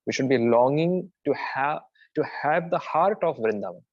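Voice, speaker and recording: A man giving an earnest devotional talk, with soft laughs and restarts. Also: a little high, expressive, moderate pace, no room sound, lo-fi sound. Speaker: preacher.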